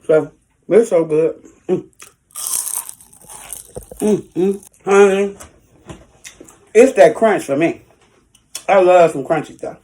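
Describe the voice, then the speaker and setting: A woman's voice: lowish voice, takes it slowly, pauses often, mellow. A woman talking casually to her viewers in an eating vlog, chatty and folksy, chewing while she talks. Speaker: food vlogger.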